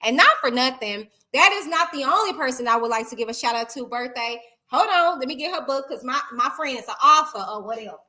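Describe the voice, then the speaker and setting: A woman in her thirties hosting a live-stream chat show, talking in a lively, chatty way with many fillers and tag questions. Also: high-pitched, a little fast, few pauses. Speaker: talk show host.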